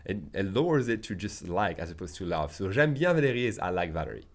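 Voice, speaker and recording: A man's voice: low voice, big pitch swings, fast. A man teaching in a casual video lesson, repeating example sentences and checking in with "okay?" and "d'accord?" as he goes. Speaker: French teacher.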